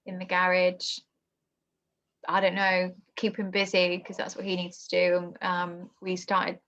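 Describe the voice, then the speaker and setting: A young woman telling a painful personal story in conversation, halting and emotional with many restarts. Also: fairly low pitch, a bit bright. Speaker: guest. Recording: dull lo-fi podcast audio.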